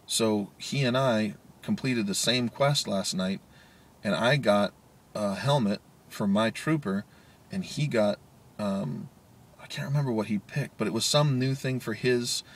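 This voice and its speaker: A man's voice: on the low side, breathy edge. A man talking casually in a daily video blog, rambling with many fillers and chuckling often. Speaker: vlogger. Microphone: handheld media player camera.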